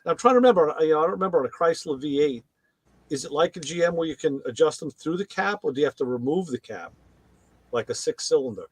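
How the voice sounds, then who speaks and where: A man's voice: on the high side, animated, fast, breathy edge, no echo. A man chatting casually on a podcast, retelling TV episodes and acting out the characters' lines in raised voices. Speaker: podcast co-host.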